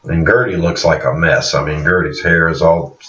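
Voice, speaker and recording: A deep-voiced man walks through a series' episodes in a loose, chatty recap. He sits a little back from the mic, and his voice echoes around the room. The sound comes through muffled and slightly dull. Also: fairly even intonation, moderate pace, fairly bright tone. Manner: retells scenes, chuckling and acting out lines. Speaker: TV series reviewer. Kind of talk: casual scene-by-scene recap. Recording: roomy, distant, dull recording.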